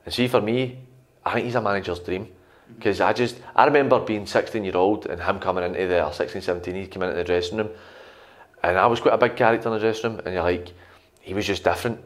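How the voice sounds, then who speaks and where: A man's voice: on the low side, fairly even intonation, fast. A Scottish man, a former youth footballer, reflecting earnestly in casual chat.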